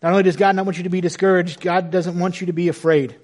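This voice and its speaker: Pastor, man in his 30s, high voice, lively and chatty from the pulpit with jokes at his own expense. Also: fast talker. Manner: animated, conversational, self-deprecating humor. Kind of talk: sermon.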